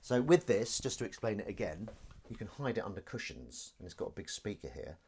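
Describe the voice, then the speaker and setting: Animated jokey man on a live stream. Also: lowish voice, brisk, slight background noise. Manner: jokey, self-mocking, reads viewer comments aloud. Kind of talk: casual live-stream chat.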